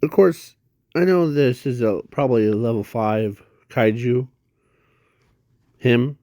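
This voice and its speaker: A man improvising a fan story off the cuff, mellow and unhurried. He talks very slowly and keeps stopping to correct himself. The sound is dry and close. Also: mid-range voice, dry recording. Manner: halting, rambling, with constant restarts and self-corrections.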